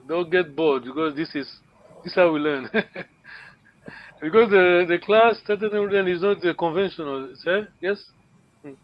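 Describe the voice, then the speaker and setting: A man with a slightly raised pitch teaches an online language class at a measured pace, pausing often. He stops to repeat words and check that students follow, and the video-call audio is muffled and lo-fi.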